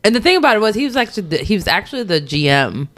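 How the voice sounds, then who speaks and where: A woman co-hosting a podcast, teasing and telling animated stories with frequent laughter. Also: medium pitch, rapid-fire. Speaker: podcast co-host. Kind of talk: casual chat.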